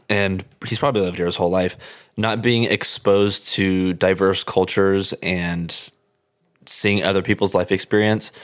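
A young man speaking in a measured, thoughtful way during a casual chat. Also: sits low.

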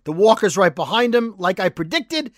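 A man co-hosting a podcast, retelling a TV episode as an animated storyteller who acts out the quotes. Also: high voice, moderate pace, no room sound, clean studio sound. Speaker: podcast co-host. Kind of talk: casual recap chat.

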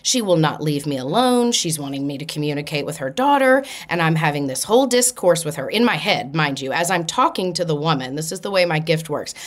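A woman hosting a podcast, telling a personal story in an animated way and acting out the people in it. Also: low voice, a little fast, few pauses. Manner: animated, acts out quoted voices. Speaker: podcast host. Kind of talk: storytelling monologue.

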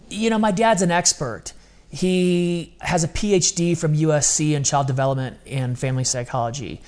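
A man in his forties with a slightly higher voice talks in a candid, confessional way on a podcast. He speaks earnestly and often rushes through phrases in quick bursts. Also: darkish tone. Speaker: podcast co-host. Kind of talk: candid conversational podcast talk.

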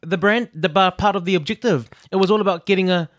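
Man, podcast co-host, excitable and rambling, higher voice, dry sound. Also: fast talker, no room sound. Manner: excitable, trails off and restarts. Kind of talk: casual chat reviewing a drag show.

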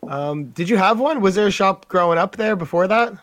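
A man's voice: high-pitched, fairly quick, a bit bright, no echo. A man co-hosting a podcast in easygoing casual chat, asking follow-up questions. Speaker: podcast co-host.

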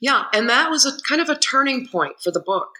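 A woman with a bright, clear voice tells anecdotes in relaxed conversation. She laughs often and keeps her storytelling lively. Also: high-pitched, fairly quick, rough recording. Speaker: co-author guest.

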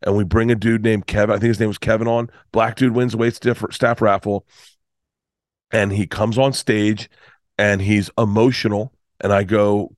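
A middle-aged comedian telling a rambling, emotional story in casual talk, swearing and restarting often. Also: male voice, lowish voice, fairly even intonation, fairly quick, no room sound, studio quality. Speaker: comedian guest.

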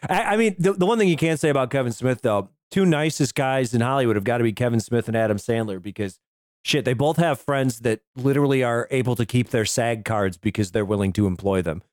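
A man's voice: medium pitch, brisk, darkish tone, no echo, clean studio sound. A man hosting a casual comedy film podcast, rambling and joking, swearing freely. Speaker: podcast host.

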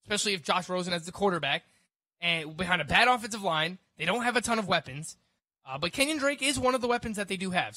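A man breaking down football news on a casual fantasy sports radio show, chatty and quick. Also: high voice, pushed and bright, no echo. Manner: quick, chatty analysis with restarts and laughs.

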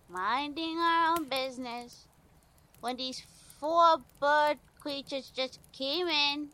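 A woman voicing a gruff, blustery male teddy bear who talks tough in a tabletop game. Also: high voice, pushed and bright, voice pushed up, exaggerated voice. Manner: brash, blustery.

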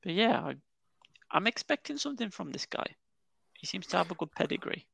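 A man co-hosting a football podcast from a remote call. He has a slightly high, gravelly voice with a bright, forward edge. He tells stories in a chatty way and chuckles between his words. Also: sing-song, a little fast, no echo. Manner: chatty storyteller, chuckles mid-sentence. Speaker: podcast co-host. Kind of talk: casual football podcast chat.

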